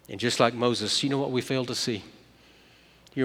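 A man preaching a sermon, moving between loud emphatic peaks and hushed quiet passages. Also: medium pitch, fairly quick. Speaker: pastor. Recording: long hall reverb.

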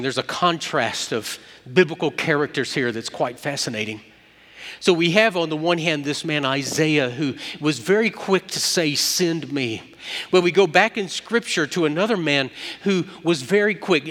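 A man preaching a sermon, moving between loud emphatic peaks and hushed quiet passages. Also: fairly high pitch. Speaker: pastor. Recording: long hall reverb.

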